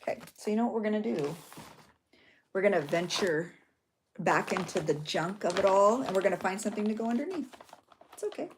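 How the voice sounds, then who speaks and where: A woman's voice: medium pitch, animated, brisk, long pauses, background noise. Bubbly chatty woman crafting host. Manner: bubbly, talks to viewers while working. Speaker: journaling channel host.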